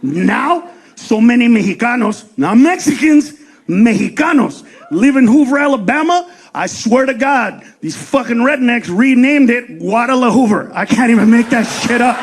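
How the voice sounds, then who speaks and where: A man doing a profane stand-up comedy set, ranting fast, shouting punchlines and acting out voices. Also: very high voice, expressive, slightly rough.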